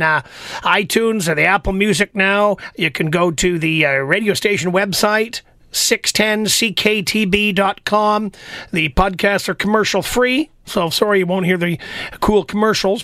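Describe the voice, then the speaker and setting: Radio host guy, high gravelly voice, bright, dry studio mic, keeps hyping and repeating numbers. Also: no room sound. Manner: upbeat, promotional, repeats phone numbers, many fillers. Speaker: radio talk show host. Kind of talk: radio call-in show patter. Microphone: studio microphone.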